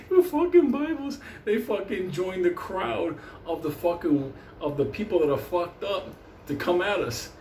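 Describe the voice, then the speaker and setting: A man telling a wild story in a profane, animated way, laughing often. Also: fairly high pitch, slight background noise. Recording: roomy echo, faint ambience.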